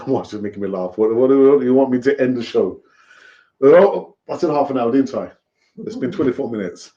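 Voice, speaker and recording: A man's voice: mid-range voice, animated, brisk, mellow. A man hosting a fan live stream, talking in a rambling, chatty way with fillers and laughs, over lo-fi stream audio. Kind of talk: casual live-stream chat.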